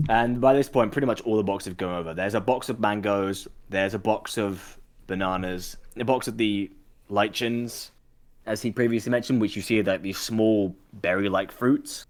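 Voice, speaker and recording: A man's voice: on the low side, normal speed. A man narrating a tabletop game as game master, hesitant and full of fillers.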